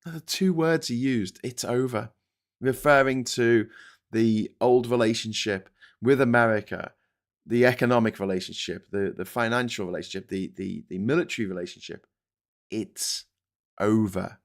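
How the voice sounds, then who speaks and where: A British man hosting a casual political commentary show, talking in a lively, rambling way with frequent swearing and restarts. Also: mid-range voice, normal speed. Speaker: host of a live commentary show.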